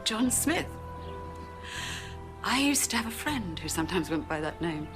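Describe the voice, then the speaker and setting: An actress playing a curious, composed female journalist in a TV drama, with a measured, wistful delivery. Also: medium pitch, very animated. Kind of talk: TV drama acting. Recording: TV drama audio with music under it.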